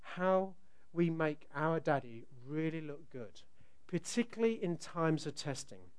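Animated middle-aged man preaching. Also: a little high, measured pace, clean tone. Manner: animated storytelling, rising to loud outbursts when acting out scenes. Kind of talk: sermon.

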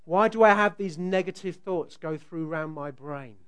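A middle-aged man preaching a sermon, telling a family story with animated, sometimes loud delivery. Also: a little high, moderate pace, clean tone. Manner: animated storytelling, rising to loud outbursts when acting out scenes.

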